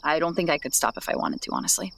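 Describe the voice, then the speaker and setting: A woman's voice: low-pitched, wildly swooping pitch, racing, creaky, a bit bright, slight background noise, pitched below the performer's own voice, exaggerated voice. A woman playing a shy, stammering teen kid. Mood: tender. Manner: hesitant, stammering. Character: shy stammering teenage kid, tomboyish, guarded.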